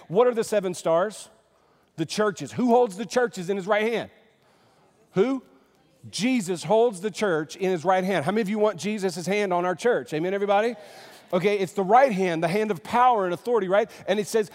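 A man with a high voice preaches to his congregation, full of energy and questions for the crowd. The sound rings out with the long, lingering reverb of a church hall. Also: brisk. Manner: animated, quizzes the congregation with questions. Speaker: pastor. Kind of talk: sermon. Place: church sanctuary.

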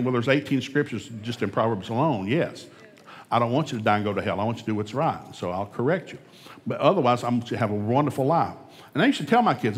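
A middle-aged man preaching a sermon in a folksy, emphatic way, a former school administrator from Oklahoma who swings up to loud peaks. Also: medium pitch, expressive, quick pace. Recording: long hall reverb.

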